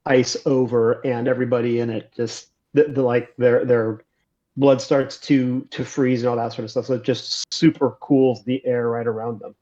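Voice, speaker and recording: A man's voice: mid-range voice, a little mellow, dull audio. A man playing a tabletop game, describing his spell hesitantly with many restarts. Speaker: player. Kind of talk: casual tabletop play.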